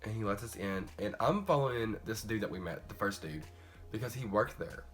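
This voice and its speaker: Chatty teen boy beauty vlogger. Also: fairly quick. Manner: chatty and animated, jumping into high excited squeals when quoting. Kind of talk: casual storytime while doing makeup. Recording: faint music behind.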